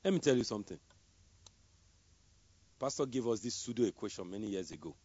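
A man preaching a sermon, swinging between loud emphatic calls and soft murmured prayer. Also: lowish voice, animated, brisk, slightly rough, dry recording. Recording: dull lo-fi sound.

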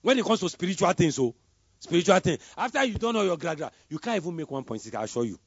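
A man preaching a sermon, swinging between loud emphatic calls and soft murmured prayer. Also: on the high side, very animated, fast talker, slightly rough, no room sound. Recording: dull lo-fi sound.

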